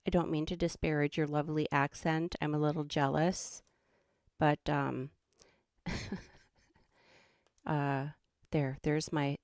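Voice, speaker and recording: A woman's voice: deep voice, a little mellow, dry recording, clean studio sound. A middle-aged woman with a Minnesotan accent who hosts a livestream and chats casually in a rambling way, laughing often. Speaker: host.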